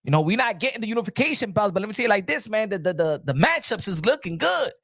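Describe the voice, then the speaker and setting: A boxing show host talks in a very high voice, dry and close to the mic. He is loud and playful, repeating himself in mock outrage and slipping into Spanish. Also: very animated, quick pace, dry recording. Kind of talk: animated solo boxing talk.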